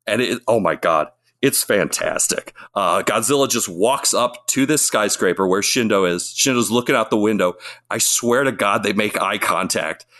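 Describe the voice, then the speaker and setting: A man's voice: fairly low pitch, normal speed, bright, forceful tone. A man in casual podcast chat, rambling enthusiastically about monster movies and acting out lines. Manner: enthusiastic, rambling, acts out quotes. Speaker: podcast co-host.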